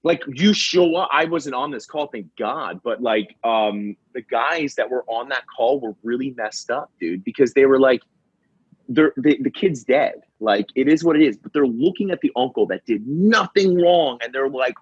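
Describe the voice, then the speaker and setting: A man who works as a firefighter telling work stories on a podcast, animated and slangy, acting out what people said. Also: medium pitch, moderate pace, slightly rough, dry recording. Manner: animated storyteller, acts out quotes, says bro and man a lot. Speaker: firefighter and comedy video creator, guest. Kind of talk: casual podcast storytelling. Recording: dull lo-fi sound.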